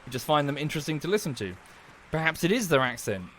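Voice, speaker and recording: A man's voice: a little high, sing-song, fast, a bit bright, a little hiss or hum. Chatty Estuary English man streaming a game. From southern England. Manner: chatty, thanks viewers by name, mutters and swears at the game. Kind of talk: casual livestream commentary while gaming.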